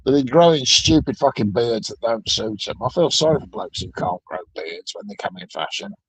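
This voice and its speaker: A man's voice: medium pitch, animated, moderate pace, a bit bright, slightly rough, no echo, poor audio. A middle-aged man, ranting alone to camera in a blunt, sweary, sardonic way. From Britain. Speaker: vlogger. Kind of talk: profane solo rant.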